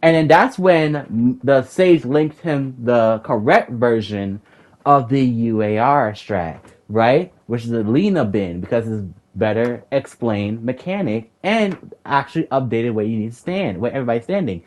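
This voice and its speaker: A man's voice: medium pitch, animated, unhurried, a little mellow. A young man telling a heated story about an argument with another player, swearing often and rambling as he repeats himself. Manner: profane, rambling, repeats himself when worked up. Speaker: gamer recounting a raid group argument.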